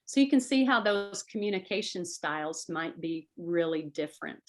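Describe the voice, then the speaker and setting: A woman's voice: fairly low pitch, animated, moderate pace. A middle-aged woman, a guest on a talk show, explaining in an earnest, conversational way and slipping into voices when she quotes people.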